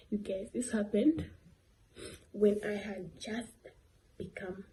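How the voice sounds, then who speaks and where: A woman's voice: mid-range voice, fairly even intonation, slow pace, mellow, slight background noise, rough recording. A teenage girl vlogging, telling a rambling story full of fillers and giggly asides. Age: late teens. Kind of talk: casual storytelling vlog.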